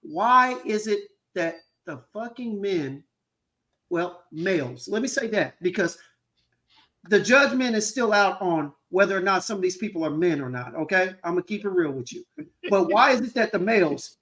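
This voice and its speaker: A man's voice: sits high, expressive, moderate pace, a bit bright. A man, a co-host, ranting heatedly in casual talk, swearing often and repeating himself for emphasis.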